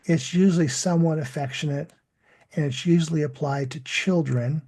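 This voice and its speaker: A male English teacher speaking at a very slow, deliberate pace, stretching out words so learners can copy them. His voice is gravelly and dark, a little husky, and pitched slightly above the usual for a man. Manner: slow, deliberate, drawn-out model pronunciation. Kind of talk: online language lesson.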